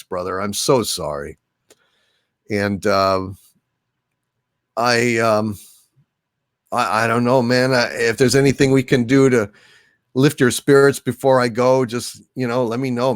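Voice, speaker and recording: A man hosting a casual livestream, thanking viewers by name in a soft, halting way. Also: medium pitch, no echo, clean studio sound. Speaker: livestream host. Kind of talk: casual livestream chat, reading viewer donations.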